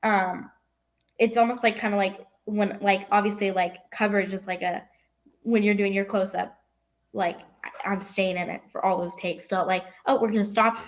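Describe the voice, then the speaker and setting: A woman's voice: mid-range voice, steady tone, moderate pace. A young woman from California, an actress answering interview questions in a casual, filler-heavy way. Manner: youthful, heavy use of "like" and "um". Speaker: actress guest.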